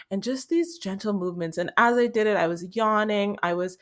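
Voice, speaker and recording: Woman, young adult, podcast host, soft soothing delivery, unhurried, mid pitch. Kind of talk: self-help podcast talk.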